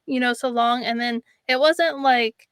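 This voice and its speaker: Woman podcast host, smooth higher voice, reflective recapper, dry close mic. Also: steady tone, unhurried, a bit bright, no echo. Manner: reflective, sums up the guest's points with many "like"s. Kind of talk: casual interview.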